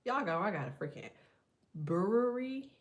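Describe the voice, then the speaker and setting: Speaking at normal speed and medium pitch, this middle-aged woman reads cards for her audience. She keeps it casual, telling lively, slang-filled stories punctuated by plenty of laughter.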